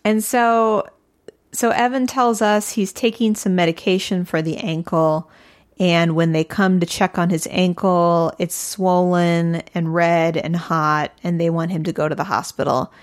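This woman has a low voice for a woman and talks in an easygoing way as she recaps a show with her co-host. She laughs often and keeps the chat casual. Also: steady tone, unhurried. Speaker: podcast co-host.

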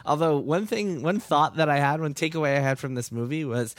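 Podcast co-host, male, slightly high pitch, dry close sound, chatty with lots of laughs. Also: a little fast, dry recording. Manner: chatty, laughs often, trails off into fillers. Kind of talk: casual podcast chat.

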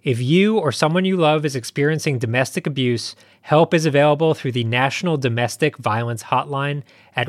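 A male podcast host with a middle-pitched voice, speaking in a measured and sincere way. The recording is dry and close, with no room echo. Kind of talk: read announcement, then casual chat.

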